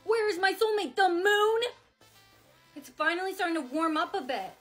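Very high, lively woman acting out skits. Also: normal speed, faint music behind. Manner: excitable, exclaiming. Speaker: skit creator. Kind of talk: comedic POV skit acting.

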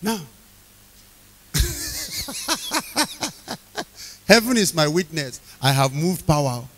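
A man preaching an evening sermon, emphatic, repeating key phrases, questioning the congregation and bursting into loud shouted lines. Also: on the high side, lively intonation, normal speed, a little hiss or hum.

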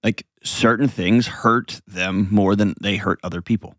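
A man's voice: on the low side, fairly even intonation, unhurried, no echo, clean studio sound. A man hosting an advice show, explaining parenting earnestly and acting out little scenes in changed voices.

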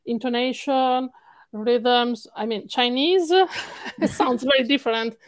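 She's a singing coach with an Italian accent, responding to interview questions in a lively way, often laughing and repeating words for stress. Her voice sits on the high side, and she takes her time.

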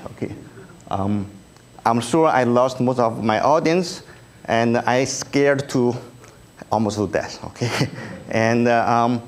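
Slight background noise accompanies this medium-pitched man presenting at an engineering research review in a conference room. Chinese is his first language and he has a Chinese accent; his slide talk is halting, packed with ums and uhs, and sprinkled with self-deprecating humor.

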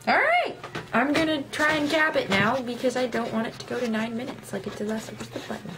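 A woman's voice: a little high, animated, a little fast, background noise. A young woman telling a rambling, self-deprecating story in a casual vlog, acting out her own past lines. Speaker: gaming vlogger.

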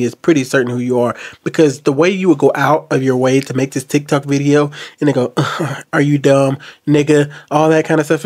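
A man commenting on a video clip to his viewers, jumping between loud outbursts and low, quiet asides. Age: adult. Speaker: reaction commentator. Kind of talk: casual commentary to camera.

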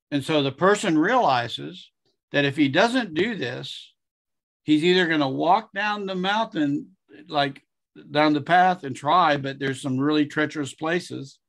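A man preaching a sermon, telling a story in an earnest, unhurried way and briefly acting out the voices of the people in it. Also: fairly high pitch, creaky, a bit bright.

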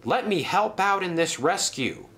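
A man's voice: high voice, lively intonation, measured pace, fairly bright tone, pitched above the performer's own voice. A man voicing a good-humoured male engine who speaks politely and with a chuckle. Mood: gracious.

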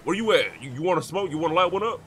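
A man's voice: on the high side, animated, rapid-fire, fairly bright tone, husky. A man in GTA roleplay, brash and mocking, trading street slang on the phone. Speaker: streamer playing his roleplay character.

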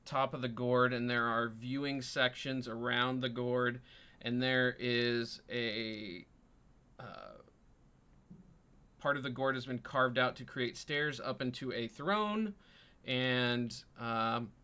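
A man narrating as dungeon master in an unhurried way, pausing often with ums. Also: medium pitch, bright, forceful tone, clean tone. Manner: unhurried, many ums and pauses. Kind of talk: narrating a tabletop game.

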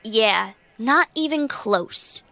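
A woman's voice: fairly high pitch, expressive, gravelly, noisy background, exaggerated voice. A woman voicing Molly, a clever girl adventurer in a children's audio drama. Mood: curious. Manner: quick-witted, problem-solving.

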